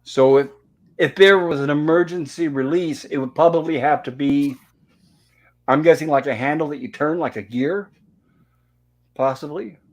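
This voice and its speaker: A man with a slightly high voice hosts a casual livestream and greets viewers one comment after another. He rambles in a friendly way, trailing off and restarting his sentences often. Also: normal speed, pauses often. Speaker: host of a review livestream.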